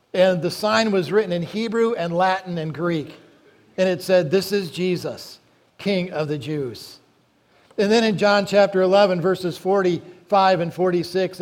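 A male pastor delivering a sermon in a high, light voice. He speaks deliberately and leans on key words, slowing down whenever he reads scripture aloud.

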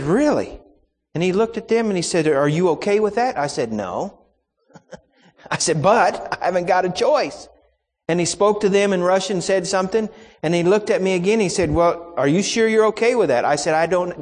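A man's voice: high voice, animated, moderate pace, long reverb tail. A man preaching a sermon, telling a personal story in a folksy, anecdotal way and acting out the exchanges.

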